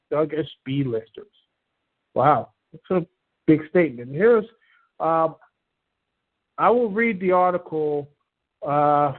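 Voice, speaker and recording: A man hosting an online talk show, chatting casually and reading an article aloud with many halting fillers and stumbles. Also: fairly high pitch. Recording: tinny phone-line sound.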